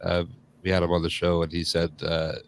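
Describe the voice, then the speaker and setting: A podcast host with a very low voice chats casually, leaning on "like" as a filler. He sounds relaxed and loose rather than scripted. A faint hiss sits behind him. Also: fairly quick, gravelly. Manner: loose, filler-heavy, frequent "like". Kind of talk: casual interview chat.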